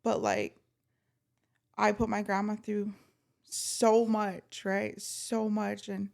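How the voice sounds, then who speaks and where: Woman podcast host; strong vocal fry, even pitch; heartfelt and halting. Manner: heartfelt, halting, many fillers. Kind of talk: casual interview chat.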